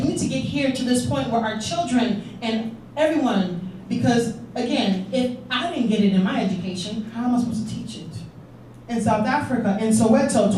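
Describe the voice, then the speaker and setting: A woman's voice: fairly high pitch, warm tone, a little hiss or hum. Woman speaking in an echoey hall. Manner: earnest, urging, asks the audience questions. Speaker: conference speaker. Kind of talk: public speech to an audience. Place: conference hall. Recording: echoey hall, distant mic.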